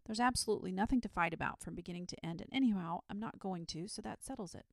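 A woman's voice: mid-range voice, fast, gravelly, no echo, studio quality, close to an everyday voice. A woman voicing a polite, fussy, lazy male dragon in a children's storybook, speaking in a genteel, self-assured way. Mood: reasoning.

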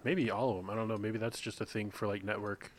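A man's voice: lowish voice, fairly even intonation, fast. A man in his thirties co-hosting a podcast, rambling and swearing in casual chat, laughing often. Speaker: podcast co-host.

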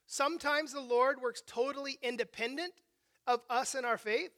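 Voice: high-pitched, moderate pace, fairly bright tone. A preacher delivering a sermon emphatically, often checking in with a rhetorical "right?" and restarting sentences.

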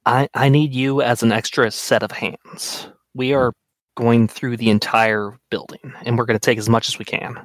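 A man at a tabletop game who lays out his plans slowly and deliberately. His voice sounds dry and close, with little room sound. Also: mid-range voice, little pitch movement, no echo. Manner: deliberate, scheming. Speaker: player.

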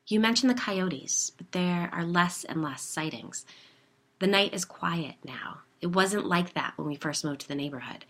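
Brief: woman voicing a keen amateur cryptid hunter, excitable, bright tone. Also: lowish voice. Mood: ominous. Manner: eager, conspiratorial, quick when explaining.

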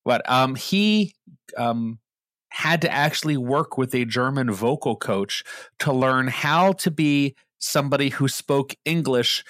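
A man's voice: mid-range voice, takes it slowly, a bit bright, no echo, clean studio sound. A man from Pittsburgh co-hosting a podcast, chatting about a movie in a slightly professorial way. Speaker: podcast co-host. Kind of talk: casual movie discussion.

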